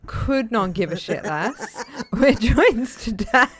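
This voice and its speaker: A woman's voice: fairly high pitch, lively intonation, takes it slowly, slight background noise. Laughing, jokey woman podcast co-host. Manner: jokey, laughs often, casual swearing. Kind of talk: casual chat.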